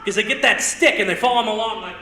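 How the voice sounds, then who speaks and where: A young man from Indiana doing a stand-up comedy set on a theater stage, telling rambling stories and punching lines with sudden shouts. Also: high voice, fast, heavy background noise. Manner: loose, rambling storytelling with stutter-mimicking bits and sudden shouted punchlines. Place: theater stage with live audience. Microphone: handheld stage mic. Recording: roomy theater sound.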